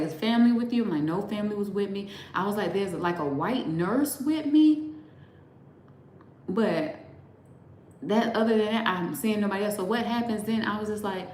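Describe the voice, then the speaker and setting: A woman's voice: medium pitch, roomy sound, a little hiss or hum, rough recording. A woman hosting a live show, telling a long personal story casually, saying "like" often and acting out both sides of the dialogue. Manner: animated storyteller, heavy use of "like", acting out quoted dialogue. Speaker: host.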